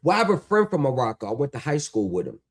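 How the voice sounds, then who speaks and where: A man hosting a livestream, talking in an animated, mocking rant that is full of profanity and rhetorical questions. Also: medium pitch, quick pace. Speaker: stream host. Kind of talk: ranting livestream talk.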